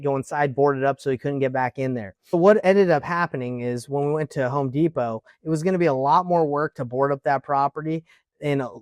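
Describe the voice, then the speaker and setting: Man with a fairly high voice, storytelling. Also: dry recording, studio quality. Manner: lively retelling with quoted dialogue, frequent "like". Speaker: real estate investor. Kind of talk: casual storytelling to camera.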